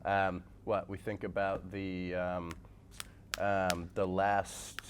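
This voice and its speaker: Kiwi bloke, really low voice, chill chatty tone, says "right?" a lot, faint rumble behind. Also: male voice, slow. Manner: relaxed, chatty, many fillers like "right?" and "like". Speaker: head of data and tech at an ad agency. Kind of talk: casual conversation.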